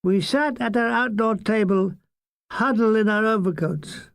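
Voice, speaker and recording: A man reads his comic memoir in a high, gravelly voice, taking his time. The delivery is deadpan and wry, and he leans toward the listener with asides. The recording is close and dry. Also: unhurried, no echo. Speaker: author reading his own memoir.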